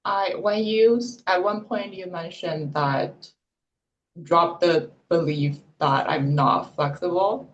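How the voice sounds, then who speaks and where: A client speaks slowly and haltingly, pausing to find the right words. The voice comes through dull and lo-fi, as if from a distant mic. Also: mid-range voice. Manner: hesitant, searching for words. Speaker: coaching client.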